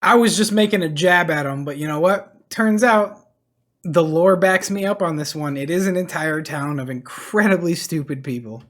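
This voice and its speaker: Brief: woman reactor, low voice, dry amused commentary. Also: normal speed. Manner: wry, amused. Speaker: video reactor.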